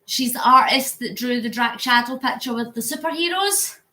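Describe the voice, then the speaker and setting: A woman's voice: on the high side, moderate pace, sharp tone, roomy sound. A Scottish woman chatting casually to viewers on a phone live stream while pedalling an exercise bike, reading out comments and getting sweaty. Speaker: vlogger live-streaming a charity cycle. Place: indoors at home on an exercise bike.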